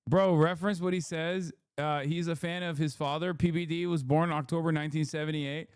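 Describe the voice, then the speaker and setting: A man's voice: fairly high pitch, fairly even intonation, normal speed, darkish tone, clear, resonant tone, no echo, clean studio sound. A man streaming live, reacting to clips with profane, laughing asides. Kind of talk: live commentary.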